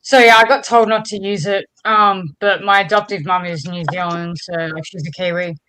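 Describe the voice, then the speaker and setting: A woman's voice: on the low side, steady tone, normal speed, sharp tone, a little hiss or hum, low-quality recording. A woman with an Australian accent in a casual voice chat, speaking hesitantly and searching for words.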